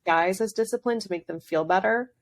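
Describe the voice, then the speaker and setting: A young woman hosts a relaxed interview, nodding along with quick "yeah"s and filler words. Her pitch is average for a woman. The sound is dry, with no echo. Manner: agreeable, many short affirmations and fillers. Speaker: podcast host. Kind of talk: casual interview chat.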